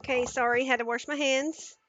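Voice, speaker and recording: A woman's voice: sits high, steady tone, a little fast, dull audio, noisy background. A woman cooking on a live stream, chatting casually and talking viewers through each step into a headset mic in her home kitchen.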